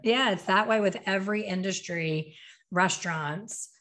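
A woman co-hosting a casual podcast chat about salon work, lively and animated as she acts out clients. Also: medium pitch, measured pace. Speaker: co-host, salon coach.

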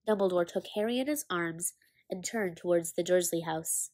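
A woman narrating a children's novel aloud in a measured, expressive storytelling manner. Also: lowish voice. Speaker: audiobook reader.

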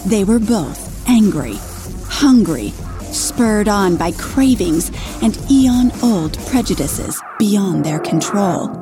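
A woman narrating an erotic horror audiobook in a slow, unhurried storytelling manner. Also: mid-range voice, lively intonation, music in the background.

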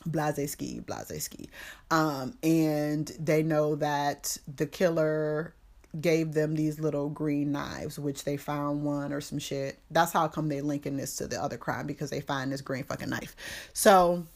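Low-voiced, profane woman recapping a movie. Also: fairly even intonation, measured pace. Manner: profane, slangy storytelling with quoted voices. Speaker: podcast host.

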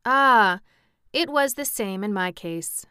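A woman's voice: mid-range voice, big pitch swings, normal speed, a bit bright, clean tone, no echo, clean studio sound, pitched above the performer's own voice. A woman voicing a pompous, severe male scarecrow king who speaks in a lofty, reproving way, in a storybook reading.

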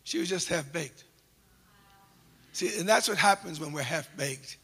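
A male pastor delivers a storytelling sermon built on a funny personal story, animated and poking fun at himself. His high, gravelly voice with a husky edge moves a little slowly and rings out in a long, reverberant hall.

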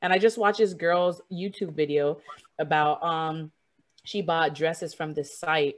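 A woman's voice: low voice, steady tone, unhurried. A young woman telling a long personal story in casual conversation, rambling and full of fillers, often quoting what others said to her.

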